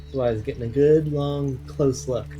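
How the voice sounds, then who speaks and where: A man's voice: medium pitch, steady tone, moderate pace, music in the background, poor audio. A man playing a tabletop game, hesitant and thinking aloud about his turn. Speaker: player.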